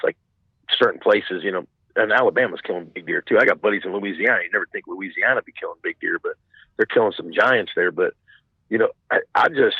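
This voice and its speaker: Rambling guest, a man on a tinny phone-like line, gravelly, husky. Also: deep voice, no room sound. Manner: rambling, many restarts and "you know what I'm saying". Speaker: podcast guest, hunter. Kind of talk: casual chat.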